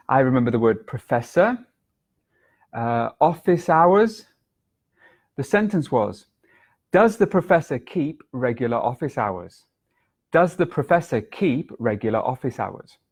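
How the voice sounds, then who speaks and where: In a video lesson, a male English exam tutor speaks with careful clarity and exaggerated intonation to show how it's done. His mid-range voice has a slightly mellow quality.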